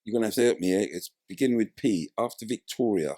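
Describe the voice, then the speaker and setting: A man's voice: fairly low pitch, quick pace, dry recording, clean studio sound. A man, telling his story in a casual interview and acting out the voices of people in it. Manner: animated, acts out voices in his stories. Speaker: interview guest, former footballer.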